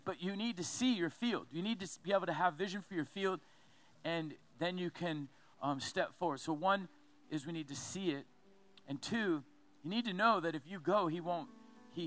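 Male preacher, lively and rambling, fairly high voice, music playing softly under him. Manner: animated storytelling with asides and repeated phrases. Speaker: pastor. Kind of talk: sermon.

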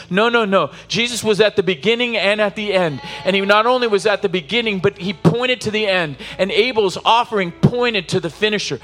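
A pastor preaches a sermon with impassioned call-and-response exhortations, repeatedly urging the congregation on as his intensity rises and falls. His voice is high and a bit bright.

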